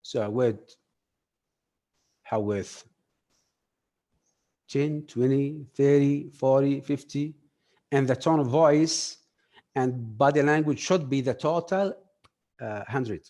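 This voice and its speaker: Man, workshop trainer, slow delivery, hesitant with many fillers, talks to the group directly. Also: medium pitch, mellow. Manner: halting, filler-heavy, addresses audience directly. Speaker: communication skills trainer.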